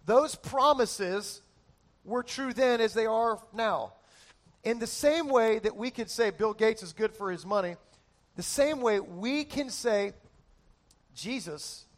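A man preaching a sermon as pastor, animated and joking, building emphasis through lists. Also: high voice. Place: church.

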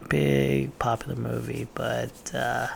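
Man, casual vlog commentary, gravelly, offhand and blunt, faint hiss behind. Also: mid-range voice, level tone, takes it slowly. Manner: blunt, offhand opinions with frequent fillers. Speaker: vlogger reacting to movie lists.

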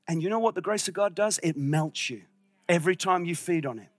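A male pastor preaching a sermon with passion, at times breaking into shouts. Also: high voice, lively intonation, a little fast, dry recording.

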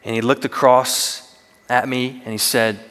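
A man's voice: medium pitch, little pitch movement, unhurried, fairly bright tone. Earnest young male preacher in a reverberant hall. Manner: earnest, conversational, self-deprecating humor. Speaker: student minister. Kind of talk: sermon. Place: church sanctuary. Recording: long reverb of a large hall.

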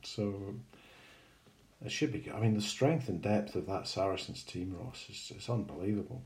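A man's voice: fairly low pitch, moderate pace, a little mellow. A middle-aged man co-hosting a podcast, chatting casually and rambling with many hesitations. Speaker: podcast co-host. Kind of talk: casual chat.

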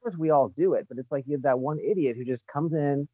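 A man's voice: a little high, no echo, narrow, tinny audio. A man co-hosting a casual chat, blunt and crude in his remarks. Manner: blunt, crude, rapid asides. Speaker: podcast co-host.

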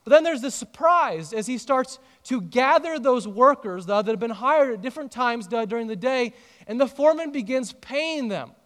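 A pastor delivers a sermon in a notably high-pitched male voice. He tells the story with lively animation and trades jokes with the congregation. His voice rings out with the long reverb of a large hall. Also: moderate pace. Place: church auditorium.

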